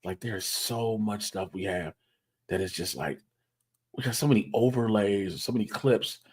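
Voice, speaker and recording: A man hosting a livestream, mumbling to himself in casual, profane slang while he fiddles with his editing software. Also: on the low side, normal speed, breathy edge. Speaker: stream host.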